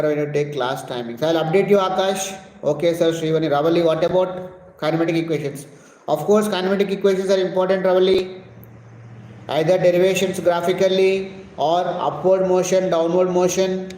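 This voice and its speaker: A man with a Telugu accent, a physics teacher reading out viewers' questions and answering them, with many "uh" pauses. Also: a little high, mellow. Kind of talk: live-stream Q&A. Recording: echoey room with long reverb.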